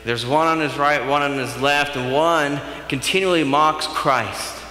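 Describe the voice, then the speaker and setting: A male pastor giving a sermon, in a conversational and animated way. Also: a little high, measured pace. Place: church sanctuary. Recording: echoey church hall.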